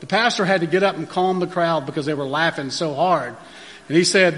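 A man's voice: fairly high pitch, brisk, a bit bright. A man, a pastor, telling folksy anecdotes in a sermon, with frequent fillers and restarts. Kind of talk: storytelling sermon. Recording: long reverb of a large room.

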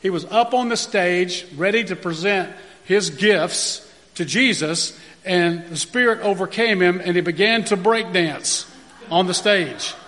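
A man's voice: high-pitched, a little slow, a bit bright. A man, a pastor, telling folksy anecdotes in a sermon, with frequent fillers and restarts. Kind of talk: storytelling sermon. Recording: long reverb of a large room.

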